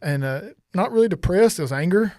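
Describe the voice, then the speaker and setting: A man's voice: high voice, expressive, a little fast, darkish tone, no echo, studio quality. A middle-aged man earnestly telling a personal story on a podcast, rambling and often restarting his sentences. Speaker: podcast guest sharing testimony.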